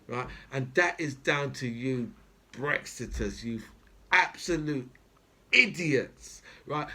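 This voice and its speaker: Husky british guy ranting to camera, sweary, keeps going "right?". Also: fairly high pitch, slow, pushed and bright. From Britain. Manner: profane, repetitive, keeps asking "right?". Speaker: channel host. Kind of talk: angry political rant to camera.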